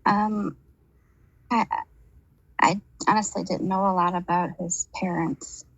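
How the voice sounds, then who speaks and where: A woman's voice: on the low side, fairly even intonation, takes it slowly, slightly rough, no room sound, muffled recording. A woman receiving a reading, speaking hesitantly with many fillers. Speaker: client. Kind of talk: casual conversation.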